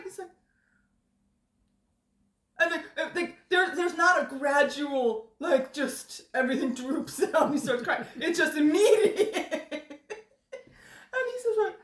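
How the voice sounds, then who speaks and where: A woman hosting a casual live stream from a kitchen, an animated, giggly storyteller. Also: very high-pitched, takes it slowly, long pauses. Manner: giggly, animated storyteller who acts out others' lines. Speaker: streamer host. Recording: echoey room, away from the mic.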